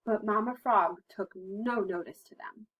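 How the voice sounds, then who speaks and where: A woman teacher reading a children's picture book aloud, gentle and expressive. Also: mid-range voice, unhurried, slightly rough, dull audio. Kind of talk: storybook read-aloud.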